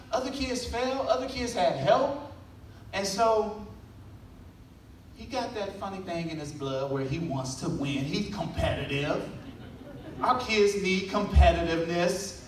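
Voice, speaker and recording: A man giving a motivational talk, telling a story with lively delivery and acting out the people in it. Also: on the high side, heavy reverb, recorded from a distance, slight background noise, low-quality recording. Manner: animated storytelling, acting out voices. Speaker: motivational speaker.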